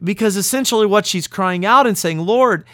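A man's voice: high-pitched, moderate pace, a bit bright, no room sound, clean studio sound. A man pastor preaching an earnest, emphatic radio sermon.

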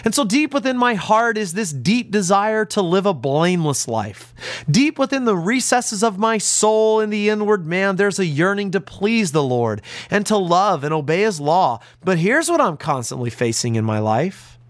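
A man's voice: big pitch swings, moderate pace, no room sound. An American man, a pastor, delivering an earnest, emphatic radio sermon. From United States. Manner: earnest, emphatic preaching with big pitch swings.

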